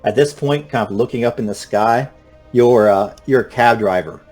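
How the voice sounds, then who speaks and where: A man's voice: mid-range voice, moderate pace, darkish tone, faint music behind. A man running a tabletop game as game master, narrating in a loose, rambling way with many fillers.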